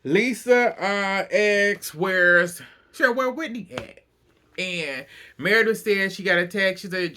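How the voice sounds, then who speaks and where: A man recapping a reality show episode in casual, animated storytelling, acting out the cast's lines and often breaking into laughter. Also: sits high, slow. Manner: animated storytelling, acts out cast quotes, laughs a lot.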